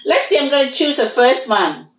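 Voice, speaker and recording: A woman's voice: high voice, animated, moderate pace, a little hiss or hum. A woman whose first language is Hmong, teaching a language lesson and patiently repeating and drilling each sound. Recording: roomy echo.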